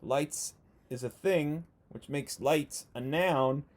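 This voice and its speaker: A man gives a remote video lesson to first graders, talking slowly and patiently and drawing out his words for the young kids. His voice sits a little high.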